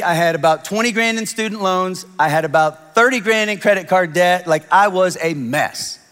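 A man in his thirties delivers a sermon in a large church hall, and his voice rings out with a long, lingering reverb. His voice sits a touch high for a man. He tells his story in an animated way, lifting his voice to act out the people he quotes. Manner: animated storytelling, quoting others in raised voices. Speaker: pastor.

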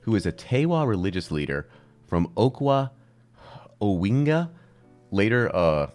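A man co-hosting a casual comedy history chat, animated and jokey, often slipping into silly voices. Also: lowish voice, unhurried, faint music behind. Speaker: podcast co-host.

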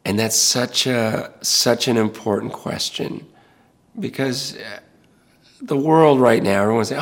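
A man's voice: medium pitch, measured pace. A middle-aged male pastor speaking in an earnest, preaching style, impassioned and pleading, repeating words as he builds.

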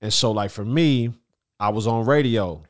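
A man in his thirties, a former radio host, telling stories in a casual chat, animated, with many fillers and restarts. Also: on the low side, moderate pace.

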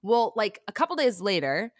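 A young woman, a guest in an interview, telling a story in an animated way and acting out the people she quotes. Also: medium pitch, moderate pace, no room sound, clean studio sound. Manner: animated, acts out quoted voices.

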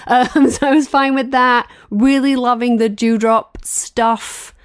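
A woman co-hosting a podcast in casual chat, talking in an animated way and laughing between points. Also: a little high, slow pace, clean tone, no echo, clean studio sound. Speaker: podcast co-host.

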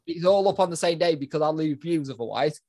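A man's voice: fairly high pitch, quick pace, mellow. A man, co-hosting a podcast and chatting casually as a parent, telling rambling, self-mocking stories. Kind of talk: casual chat.

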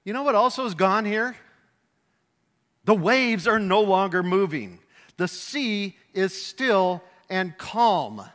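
Speaking slowly, this high-pitched male pastor preaches with energy, slipping into character voices and occasionally shouting to drive a point home. Each bright, forward phrase rings on in the lingering echo of a large hall.

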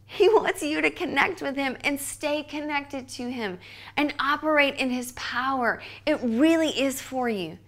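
A woman in her thirties giving a devotional podcast teaching, earnest and conversational, often dropping to a soft hush for emphasis. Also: high voice, a little slow. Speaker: Bible teacher.

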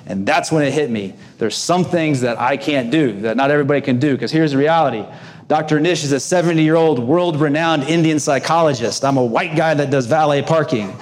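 A middle-aged man with a twang speaks to a packed room of business owners. He keeps it loose and self-mocking, teasing the crowd in an easy conversational way. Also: mid-range voice. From Texas. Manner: self-deprecating, jokey, conversational. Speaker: graduation speaker. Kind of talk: humorous speech to a live audience. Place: banquet room before an audience.

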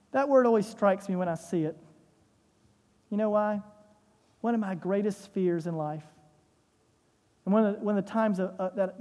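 A pastor delivers an emphatic sermon in a mellow, warm voice, driving points home with rhetorical questions and repetition. The voice rings out with a long hall reverb in a church sanctuary. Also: medium pitch.

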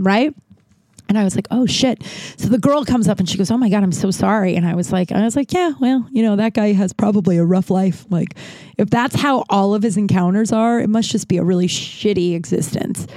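A woman's voice: mid-range voice, a little fast, warm tone, no room sound. A woman in her thirties telling a bar story in a casual, rambling and profane way.

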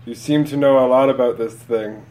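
A man's voice: medium pitch, steady tone, normal speed, darkish tone, a little hiss or hum. A man playing a tabletop game in character, speaking bluntly and guardedly. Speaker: player.

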